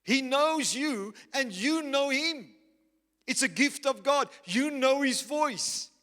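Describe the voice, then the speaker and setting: A male pastor preaching a sermon, slow and emphatic, repeating key phrases. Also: very high voice, lively intonation, bright, forceful tone. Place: church. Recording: reverberant church hall with faint music.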